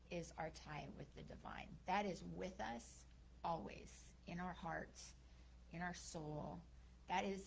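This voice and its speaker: A woman minister giving a sermon, telling a story and acting out its characters' lines in a lively way. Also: on the low side, vocal fry, slight background noise, poor audio.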